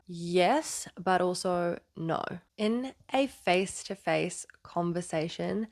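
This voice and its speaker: Vlog host, woman, lowish voice, dry close sound, earnest and explanatory. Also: slow, no echo. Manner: earnest, explanatory, acts out quoted lines. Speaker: relationship advice video host. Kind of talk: casual advice talk to camera.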